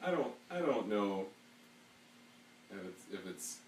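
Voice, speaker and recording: A man's voice: lowish voice, very animated. A man hosting a casual live-stream podcast, reading viewer comments and joking with his co-host. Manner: slides into a fast auctioneer patter as a joke. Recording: echoey room, mic at a distance, faint hum.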